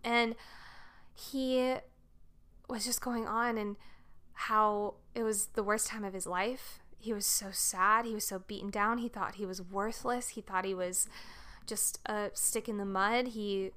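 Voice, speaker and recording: A woman hosts her own podcast and talks straight to her listeners in an easy, earnest way. She tells a personal story at a chatty pace and fills it with frequent "like"s. Her voice sits in a comfortable middle pitch. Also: steady tone, a little slow, pushed and bright, clear, resonant tone. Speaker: podcast host.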